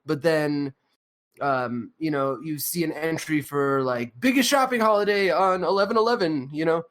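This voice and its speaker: Male podcast host, slightly high voice, rambling, profane, filler-heavy casual chat. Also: moderate pace, fairly bright tone.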